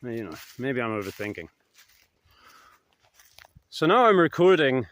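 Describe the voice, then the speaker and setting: A man telling stories in a casual vlog, rambling and hesitant, his voice trailing off softly at the ends of thoughts, recorded outdoors in woods. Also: mid-range voice, sing-song, a little slow, slight background noise. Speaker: vlogger. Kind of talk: casual anecdotal storytelling.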